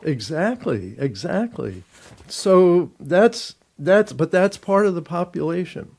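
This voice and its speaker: An older man, a therapist and author, giving measured, explanatory answers in an interview, thinking aloud as he goes. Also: high-pitched, very animated, a little mellow.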